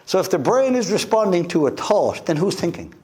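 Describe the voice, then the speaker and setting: An Irish man gives a motivational talk, telling his own story with plenty of energy and acting out the voices of the people in it. His voice sits a little high for a man, and it swings widely and expressively up and down as he talks. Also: a little fast, husky. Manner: animated storyteller who acts out quoted voices. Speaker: guest speaker at a wellness event.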